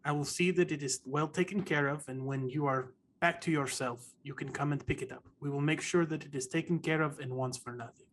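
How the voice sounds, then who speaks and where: A man playing a tabletop game, speaking in character in a calm, measured way. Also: a little high, a little hiss or hum. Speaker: player.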